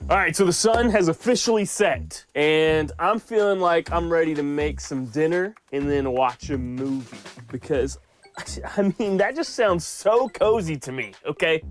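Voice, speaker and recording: Man, casual home vlog, playful, animated swoops, talks to his dog. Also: on the high side. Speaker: vlogger.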